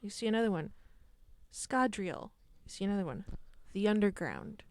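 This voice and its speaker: A woman's voice: medium pitch, animated, moderate pace, a little mellow. A woman running a tabletop game as game master, narrating in a loose, descriptive way. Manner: descriptive, laughing, loose storytelling.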